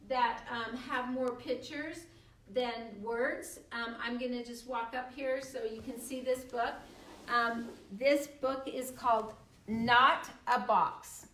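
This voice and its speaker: A woman's voice: a little high, recorded from a distance. An older woman giving a friendly, encouraging talk to parents on shared reading, with frequent ums. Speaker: early literacy presenter. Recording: echoey room, away from the mic.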